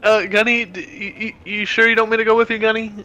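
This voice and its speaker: A man's voice: high-pitched, little pitch movement, quick pace, bright, forceful tone, highs cut off. A man playing a ship captain in a tabletop game, stammering and eager. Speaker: player. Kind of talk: in-character play as a ship captain.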